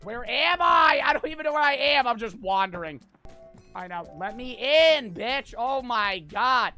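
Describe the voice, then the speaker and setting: A man giving frantic gameplay commentary, swearing, talking to himself and breaking into sudden loud outbursts. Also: extremely high pitch, animated, a little slow, soft background music. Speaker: gaming streamer.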